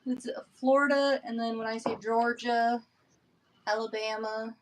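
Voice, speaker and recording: A woman with a Southern US accent, chatting casually as a podcast guest in a giggly, lively way. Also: a little high, unhurried, slight background noise, rough recording. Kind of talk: casual chat.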